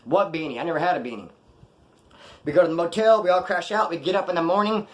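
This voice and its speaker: Fast-talking, profane man telling a story. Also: fairly high pitch. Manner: profane slangy street talk, animated retelling. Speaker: vlogger telling prison and post-release stories. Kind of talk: casual storytelling monologue.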